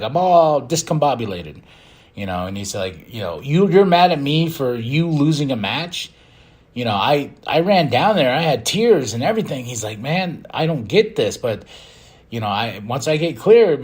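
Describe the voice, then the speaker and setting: A young man talks casually through a wrestling recap on his podcast. His pitch swings widely as he jumps into quick acted-out lines, loud and high, then drops back to a low, relaxed chat. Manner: excitable, acts out quotes in bursts. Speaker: podcast host.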